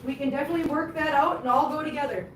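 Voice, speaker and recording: A woman's voice: high voice, steady tone, very fast. A woman hosting a casual livestream at home, chatting to viewers and cooing at her cats. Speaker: vlog host. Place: home room with litter boxes. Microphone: phone. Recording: echoey room with faint noise.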